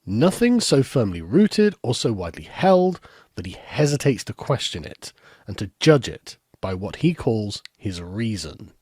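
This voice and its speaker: A man reading a scripted video essay in a measured, formal way. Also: mid-range voice, a little mellow, husky, no room sound, studio quality. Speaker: narrator of a played video essay.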